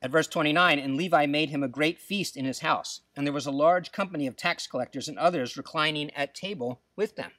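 A man delivering a sermon as pastor, his voice pitched a bit high. He acts out the quoted lines with dramatic swings and sinks to hushed emphasis on key words. The sound is dry, picked up from a little way off the mic. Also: a little fast, few pauses, no room sound, far from the mic. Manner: dramatic preaching, acting out quotes, dropping to soft emphasis.

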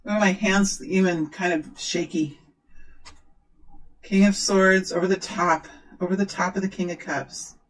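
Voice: mid-range voice, unhurried, poor audio. A tarot reader talking to viewers during a card reading, gushing and exclaiming. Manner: excitable, exclaims and gushes.

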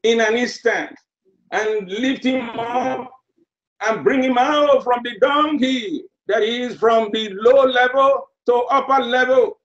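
High-voiced man preaching slowly, echoey. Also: fairly even intonation, a bit bright. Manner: emphatic, repeats phrases for effect. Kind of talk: sermon. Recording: roomy, dull lo-fi sermon recording.

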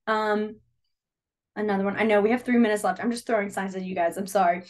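A young woman teaching a beginners' sign language class, chatty and full of fillers, telling lively classroom stories. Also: medium pitch, brisk, long pauses. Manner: chatty, filler-heavy, animated storytelling. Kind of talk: casual teaching with anecdotes.

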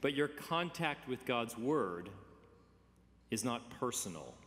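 A man in his fifties preaching a sermon, conversational with gentle humor and emphatic stresses. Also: medium pitch, very animated, slow pace. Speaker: pastor. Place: church sanctuary. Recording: reverberant church sanctuary.

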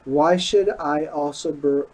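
A man reading a long Bible passage aloud in a slow, deliberate way, with small slips and restarts. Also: a little high, fairly even intonation, darkish tone, rough recording. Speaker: scripture reader.

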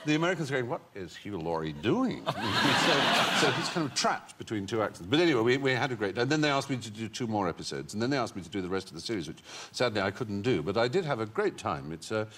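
A man's voice: medium pitch, expressive, fast, few pauses, fairly bright tone, a little hiss or hum. A male talk show guest telling long, witty anecdotes full of playful asides. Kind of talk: anecdotal chat show storytelling. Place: TV studio with a live audience.

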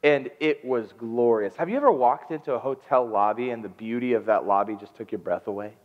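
A young man preaching as a guest, telling a personal story with emotion and animated outbursts. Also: medium pitch, fairly quick. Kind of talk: storytelling sermon. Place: church sanctuary. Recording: dull lo-fi sound with long hall reverb.

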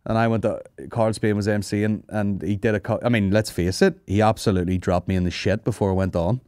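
A man's voice: fairly low pitch, fairly even intonation, quick pace, darkish tone, clear, resonant tone, dry recording, studio quality. A man hosting a comedy podcast, telling rambling, sweary stories, laughing and mimicking people. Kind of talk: casual storytelling chat.

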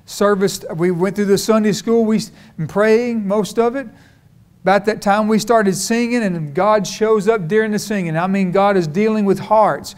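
Fervent high-voiced preacher man. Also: normal speed, a little mellow, smooth. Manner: storytelling, folksy, rising to fervent. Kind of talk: sermon.

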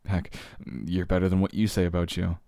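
A man in a whispered role-play as a comforting boyfriend, speaking softly and gently, with hesitant fillers, quiet sighs and slow, soothing phrasing. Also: low-pitched, little pitch movement, no echo, studio quality. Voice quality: soft, gentle and reassuring, with sighs and quiet laughs.

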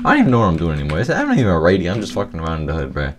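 A man commenting on his own gameplay in a loose, rowdy stream of slang and curses. His pitch swings widely as he jokes, taunts and reacts. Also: wildly swooping pitch, rapid-fire, heavy background noise. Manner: rowdy, profane trash talk with slang. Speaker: gaming YouTuber.

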